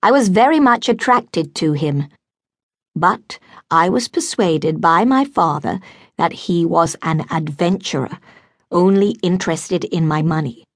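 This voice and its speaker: A woman voicing a gentle older spinster governess in an audiobook, earnest and pleading. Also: lowish voice, measured pace, dry recording, clean studio sound.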